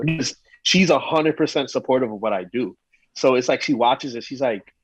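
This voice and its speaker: A man chatting as a podcast guest, telling animated stories and quoting himself and others. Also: medium pitch, normal speed, breathy edge, dry recording, highs cut off. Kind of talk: casual chat.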